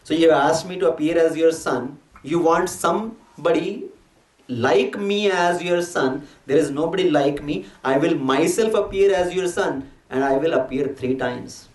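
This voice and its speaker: A man voicing a calm, assuring divine figure. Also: a little high, lightly acted. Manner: measured, assuring. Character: calm divine male speaking to his parents. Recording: echoey hall, distant mic.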